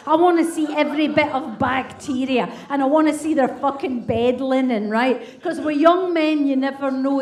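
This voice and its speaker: A woman's voice: sits high, darkish tone, roomy sound, distant mic. A woman in her fifties, a comedy host doing crude, brash stand-up and teasing the crowd. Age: 50s. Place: comedy club stage with audience.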